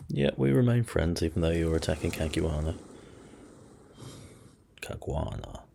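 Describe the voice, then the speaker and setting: A man's voice: deep voice, expressive, fairly quick, vocal fry, dark tone, slight background noise. A man hosting a let's play, giving casual strategy game commentary and muttering to himself with self-deprecating asides.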